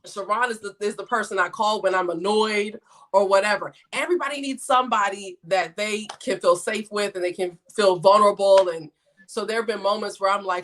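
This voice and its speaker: A woman's voice: mid-range voice, a little fast, a bit bright. A woman hosting a livestream in a casual, chatty way, reading viewer comments and hyping her guests. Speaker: host.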